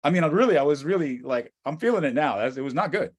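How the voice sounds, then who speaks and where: Speaking quickly in a fairly high voice, this middle-aged American from the United States delivers an animated storytelling talk as a guest. His volume ranges from hushed asides to near-shouting.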